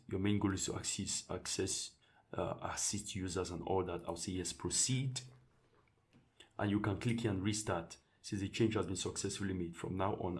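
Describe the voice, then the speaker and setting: Man, very low voice, easygoing screen-share tutorial delivery, thinks aloud with restarts. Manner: relaxed, thinks aloud with restarts while clicking through settings. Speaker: tutorial presenter.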